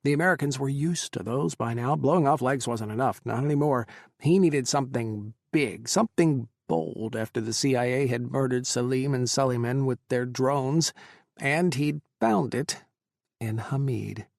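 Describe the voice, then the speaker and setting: A male audiobook narrator with a gravelly, textured voice at a mid pitch. His dramatic reading is measured and even. The sound is dry and close, with no room around it. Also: dry recording.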